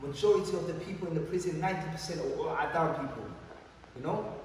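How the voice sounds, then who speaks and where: Brief: young London man, lively storyteller, slightly high voice, far from the mic in a noisy echoing hall. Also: quick pace. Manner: animated, repetitive, sound effects, slang. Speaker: motivational speaker at youth event. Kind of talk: storytelling talk to youth. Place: large hall at youth event. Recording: echoey hall, distant mic, background noise.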